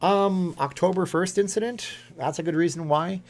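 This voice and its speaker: A man's voice: high voice, normal speed, darkish tone. A man, hosting a casual live stream and reading chat comments aloud in a rambling way. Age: 30s.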